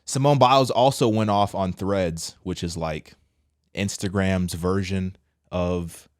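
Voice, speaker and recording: A man hosting a casual opinion commentary, talking slangy and direct, swinging between loud outbursts and quiet low asides. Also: slow pace, no room sound, clean studio sound. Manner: casual slangy address, says bro. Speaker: commentary host.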